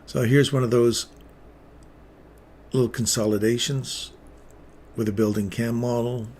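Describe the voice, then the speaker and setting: A man's voice: mid-range voice, fairly even intonation, unhurried, darkish tone, slight background noise. A man hosting a live trading stream, rambling between chatty asides and market commentary with playful remarks to viewers.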